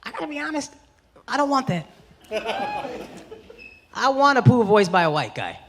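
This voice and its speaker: A man's voice: very high voice, big pitch swings, moderate pace, vocal fry, a little hiss or hum. A man in his thirties performing a stand-up set on stage, brash and profane, with a mocking delivery. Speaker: stand-up comedian. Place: comedy stage before a live audience. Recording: live show with loud crowd laughter.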